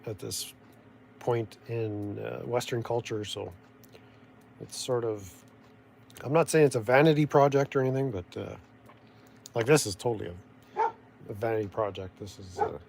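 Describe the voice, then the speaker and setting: A man with a Canadian accent talking in a loose, meandering vlog style. His delivery is dry and sardonic, full of restarts and half-finished thoughts, at a mid-range pitch. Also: normal speed, gravelly, pauses often, darkish tone, a little hiss or hum. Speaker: vlogger. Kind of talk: rambling casual commentary.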